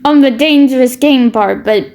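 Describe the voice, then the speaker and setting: A woman's voice: sits high, moderate pace, a little mellow. A woman from Britain with a Canadian-sounding accent, reacting to social media posts with blunt, opinionated remarks, swearing freely and stumbling over repeated words as she starts her thoughts. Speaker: commentary streamer.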